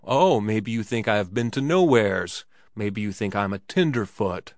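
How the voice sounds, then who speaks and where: A man voicing a frightened, agitated Swedish guest who quavers, pleads and shouts, in a story reading. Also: lowish voice, expressive, unhurried, no room sound, studio quality. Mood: mocking.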